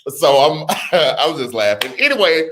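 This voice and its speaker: A man's voice: a little high, sing-song, moderate pace, a bit bright, slight background noise. A man hosting a casual political livestream, laughing easily and greeting commenters by name. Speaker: host.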